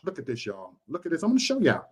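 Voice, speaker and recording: A man's voice: a little high, wildly swooping pitch, fast, a little hiss or hum. A man ranting to his livestream chat, impassioned and repeating himself for emphasis. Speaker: YouTube livestreamer.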